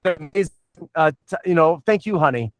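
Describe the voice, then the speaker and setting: A middle-aged man from the Southern United States hosting a casual podcast, rambling and swearing excitably. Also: fairly high pitch, fairly quick, no echo. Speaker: podcast host.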